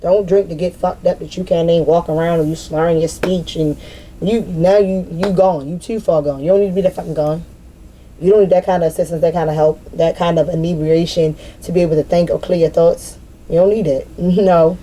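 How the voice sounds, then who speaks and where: A woman's voice: fairly low pitch, steady tone, fairly quick, mellow. Blunt, profane woman venting to camera. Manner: blunt and profane, repeats herself for emphasis. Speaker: spiritual vlogger. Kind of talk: unscripted venting monologue.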